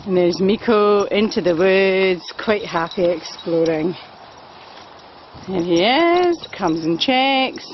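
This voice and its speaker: A woman filming on her phone while walking a pack of dogs outdoors, chatting and calling to the dogs in a high sing-song voice. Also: animated, takes it slowly, highs cut off, a little hiss or hum. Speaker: dog daycare walker filming a walk. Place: outdoors in woods and fields by a loch. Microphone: phone camera held while walking.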